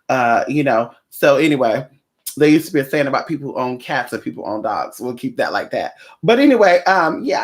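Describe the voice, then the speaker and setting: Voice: mid-range voice, a bit bright. A livestream host chatting casually with viewers in a sassy, profane way, calling them honey.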